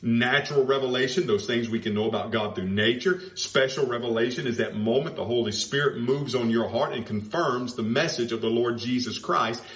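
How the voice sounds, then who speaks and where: A man preaching a sermon, stressing key phrases by slowing down and repeating them. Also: mid-range voice. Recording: roomy echo.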